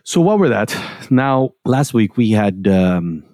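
Mellow-voiced man, relaxed podcast chat. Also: fairly low pitch, a little slow, dry recording, clean studio sound. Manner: loose, rambling with many fillers and restarts. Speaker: podcast co-host. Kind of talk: casual chat.

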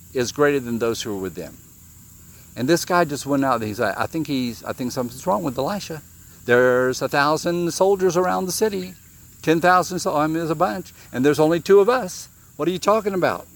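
A man delivers a casual sermon in an ordinary mid-range voice. He talks plainly and informally, stopping to restart sentences and voicing the quoted dialogue as he retells the story. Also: medium pitch. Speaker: preacher. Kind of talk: conversational sermon.

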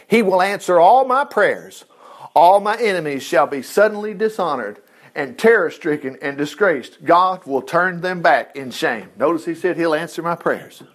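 Male preacher, high and lively voice, folksy Bible storytelling in casual conversational delivery. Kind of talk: informal Bible teaching.

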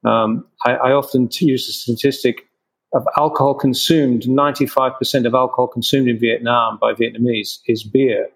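A man's voice: medium pitch, fairly even intonation, moderate pace, gravelly, breathy edge, poor audio. A man in an interview, a craft brewer answering questions with many restarts and fillers.

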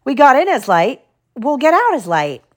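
A woman voicing a young schoolboy in a storybook, with high, excited exclamations. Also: normal speed. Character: worried young schoolboy, whiny.

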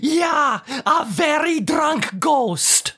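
A woman's voice: high voice, animated, drawn-out words, a bit bright, heavily acted. A woman playing a sarcastic, teasing wife. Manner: dry, mocking put-downs. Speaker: co-host of a comedy show. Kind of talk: scripted comedy sketch.

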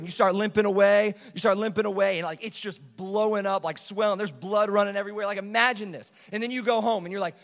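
A man's voice: sits high, fast talker. A man preaching a sermon to a youth group, telling vivid stories, acting out quotes and repeating phrases for emphasis. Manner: animated storytelling, acts out quotes, repeats phrases. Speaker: youth pastor. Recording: long hall reverb.

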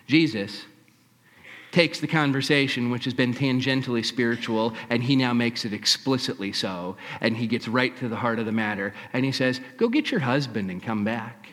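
A man's voice: medium pitch, steady tone, moderate pace, big-room sound. A male preacher retelling a scripture story with dramatic, shifting delivery. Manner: dramatic storytelling, shifting between hushed and raised. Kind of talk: sermon.

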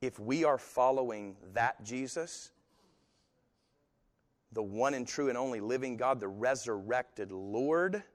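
A male pastor preaching an animated sermon that swings from soft to loud, with voices acted into the quotes. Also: medium pitch, takes it slowly. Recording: long hall reverb.

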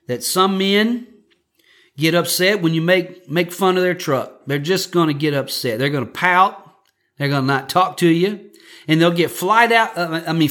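A man's voice: a little high, a bit bright. A man preaching a conversational sermon for a podcast, joking and often repeating words as he restarts his sentences. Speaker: pastor.

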